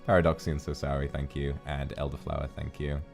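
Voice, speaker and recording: A man chatting casually on a live stream, animated and quick to jump into voices. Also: a bass voice, gravelly, soft background music. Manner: animated, jumps into voices and laughs.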